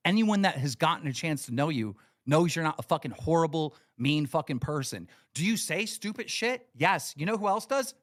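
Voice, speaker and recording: A man with a high voice hosts a livestream in full rant mode. He is angry and profane, hammering every point with emphasis. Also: fairly bright tone. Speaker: livestream host.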